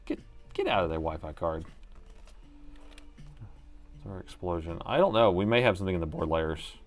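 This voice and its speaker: A man's voice: sits low, lively intonation, brisk, faint music behind. A man hosting a live laptop repair stream, muttering to himself as he works and chatting casually with viewers. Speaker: livestream repair host.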